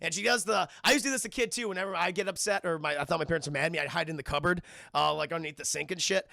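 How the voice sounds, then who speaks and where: A man's voice: a little high, racing, creaky, bright, forceful tone, no room sound, studio quality. A man streaming a scene-by-scene film recap, rambling and swearing while constantly addressing his chat.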